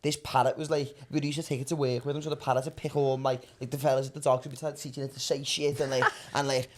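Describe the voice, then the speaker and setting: A young man with a Liverpool accent, co-hosting a podcast and telling stories in fast, slangy casual chat. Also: medium pitch, level tone, noisy background. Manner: fast anecdotal storytelling with slang and swearing. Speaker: podcast co-host.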